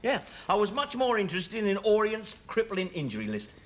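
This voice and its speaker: A wry ex-con dad. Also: male voice, sits high, sing-song, fairly quick, a bit bright. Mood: wry, bantering. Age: 40s. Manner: sardonic, teasing banter. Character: wry wisecracking middle-aged ex-con father. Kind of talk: 1970s TV sitcom acting. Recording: noisy 1970s TV soundtrack.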